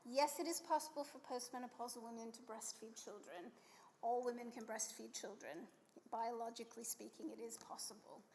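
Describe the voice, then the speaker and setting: Animated woman teaching in a reverberant hall. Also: moderate pace, slight background noise. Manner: animated, acts out quotes with sudden pitch jumps. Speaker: rabbi teaching a study session. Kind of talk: lively text study talk. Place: synagogue hall.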